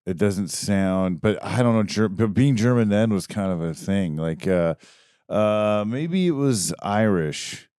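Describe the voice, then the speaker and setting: A man's voice: fairly low pitch, animated, measured pace, a little mellow, smooth, dry recording, clean studio sound. A man co-hosting a comedy podcast, laid-back and riffing as he thinks through quiz answers. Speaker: podcast co-host, quiz contestant. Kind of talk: casual comedy chat.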